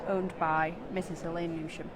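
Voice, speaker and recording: Low-voiced woman with a Sheffield accent. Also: little pitch movement, moderate pace, noisy background. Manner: reads out catalogue numbers and dog names, casual. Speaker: ringside commentator. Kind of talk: live dog show commentary.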